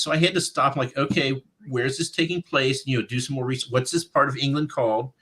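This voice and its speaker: Animated man quoting his own reactions. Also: mid-range voice, fast, slightly rough. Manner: animated, quotes his own thoughts in voices, laughs often. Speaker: author and interview guest. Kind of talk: casual interview chat.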